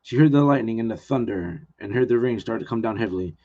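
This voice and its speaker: A man's voice: mid-range voice, fast talker, darkish tone. Male author, mid-range voice, earnest first-person reading, muffled lo-fi stream sound. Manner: plain, earnest reading with small restarts. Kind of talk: live reading of his own novel.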